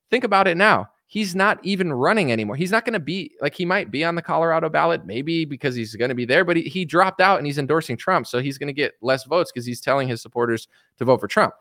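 A man giving casual political commentary on a stream, animated and mocking, acting out the people he quotes. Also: on the high side, dry recording, clean studio sound.

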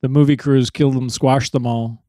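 Crude deadpan male podcast co-host. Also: medium pitch, normal speed, no echo, studio quality. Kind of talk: comedic podcast banter.

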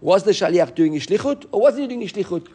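A man leads a Talmud class, talking fast in a fairly high voice. He explains each step of the text with lively energy and drops Hebrew and Aramaic terms into his English. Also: husky. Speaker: Talmud teacher.

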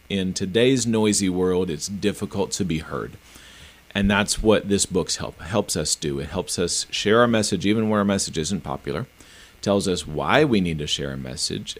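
A middle-aged man, a professional speaker and author, answering interview questions in an earnest, emphatic way. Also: low voice. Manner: emphatic, earnest, explains in practical steps.

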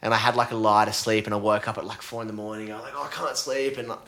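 A man's voice: lowish voice, monotone, racing, fairly bright tone. A man hosting a podcast, talking casually and enthusiastically and swearing freely. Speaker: podcast host. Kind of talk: casual conversation.

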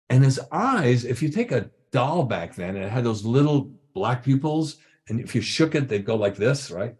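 A man's voice: mid-range voice, big pitch swings, moderate pace, hardly any pauses, a little mellow. An older man, a guest drummer, telling anecdotes in casual talk and acting out voices and drum sounds. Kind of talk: casual storytelling.

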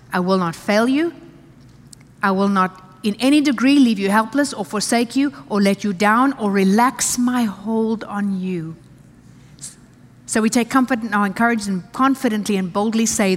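A woman preaching a sermon in a large church hall, her voice trailing off into a long reverb. She reads scripture aloud and drives points home by repeating them. Her pitch sits in a middle range for a woman. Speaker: pastor.

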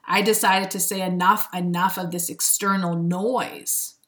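A woman's voice: on the low side, steady tone, measured pace, fairly bright tone. A woman speaking as a spiritual self-help speaker in a motivational monologue, earnest and preachy, often breaking into laughs.

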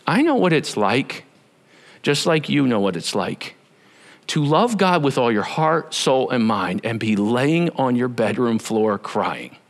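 A male pastor giving a sermon, telling the story with animated swings from shouts down to whispers. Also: mid-range voice, measured pace.

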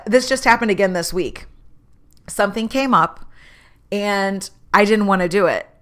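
Woman in a candid storytelling monologue, mid pitch, animated, slips into character voices. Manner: candid, animated, acts out quoted dialogue.

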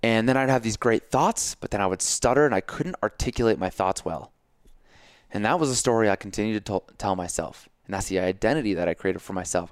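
Low, smooth-voiced man chatting. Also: brisk, no room sound, clean studio sound. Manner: animated, storytelling, acts out his own self-talk. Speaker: podcast host and coach. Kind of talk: casual conversation.

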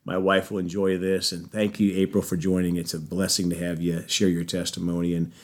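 Low-voiced man hosting a podcast. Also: monotone. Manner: warm, halting, with fillers and restarts. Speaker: podcast host. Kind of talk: podcast introduction and prayer.

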